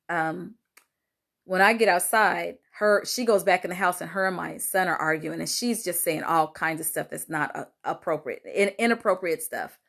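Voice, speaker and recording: Older woman, casual storyteller; animated, quotes others with raised voice, frequent fillers. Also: creaky. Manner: animated, acts out quoted lines with rising pitch, many fillers. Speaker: host sharing a personal story.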